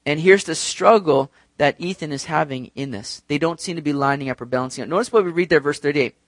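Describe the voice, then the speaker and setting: Male pastor, high voice, dry close sound, preaches with lots of push and pull in volume. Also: quick pace, dry recording. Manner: animated preaching, swinging between loud and soft; speaks directly to the congregation. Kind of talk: sermon.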